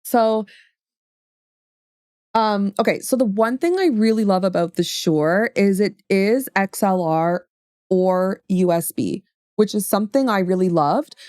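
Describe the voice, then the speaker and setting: A woman's voice: medium pitch, a little slow, darkish tone, dry recording. A young woman hosting a casual livestream, rambling and chatty with a mid-range voice and casual swearing, close on a studio microphone. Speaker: livestream host. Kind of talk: casual stream chat. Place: home streaming setup. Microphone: studio XLR microphone.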